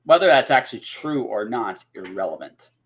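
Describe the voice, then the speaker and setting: A man's voice: on the low side, big pitch swings, normal speed. A man hosting a casual interview podcast, talking in loose rambling runs with many restarts and "right?" tags. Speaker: podcast host.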